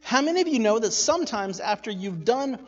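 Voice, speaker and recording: Animated man preaching in an echoey hall. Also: extremely high pitch, fairly quick. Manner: animated, swinging from hushed asides to loud excited bursts. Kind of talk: sermon storytelling. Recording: echoey hall, dull sound.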